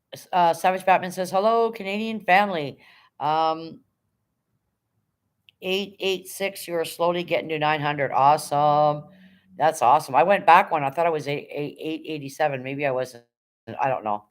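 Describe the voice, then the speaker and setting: A woman hosting a casual livestream, firmly but politely moderating her chat and reading messages aloud. She sounds tired. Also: fairly low pitch. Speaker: livestream host.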